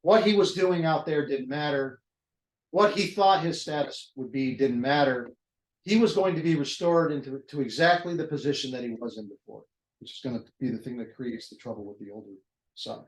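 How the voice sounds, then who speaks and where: A man's voice: medium pitch, moderate pace. A man leading a Bible study, talking through the text in a conversational way, thinking aloud and restarting phrases. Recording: echoey room.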